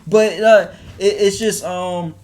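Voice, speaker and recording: A man co-hosting a podcast in casual chat, animated and often laughing, with many restarts. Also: high-pitched, slow. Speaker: podcast co-host.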